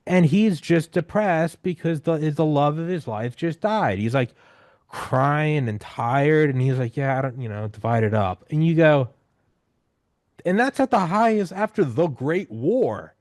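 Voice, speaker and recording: A man in his thirties hosting a podcast, telling stories in a loose, rambling, animated way with casual swearing. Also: fairly high pitch, a little slow, no room sound, clean studio sound. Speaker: podcast host. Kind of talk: casual conversational storytelling.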